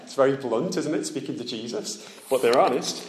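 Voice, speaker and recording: A man preaching a sermon in plain words, asking his listeners direct questions and dropping soft and low on solemn points. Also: lively intonation, moderate pace, few pauses, slight background noise. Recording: echoey room.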